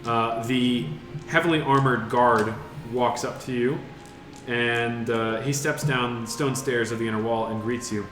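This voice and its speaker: A man's voice: mid-range voice, fairly even intonation, measured pace. A man narrating a tabletop game as game master, describing scenes with frequent fillers. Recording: roomy echo with music behind.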